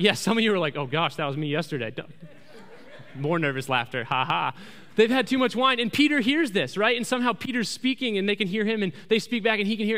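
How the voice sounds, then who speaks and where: A man preaching a sermon as pastor, telling the story in a lively, jokey way on a microphone in a church. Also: high-pitched. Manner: animated storytelling, jokey asides. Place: church sanctuary. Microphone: handheld microphone. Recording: reverberant church hall.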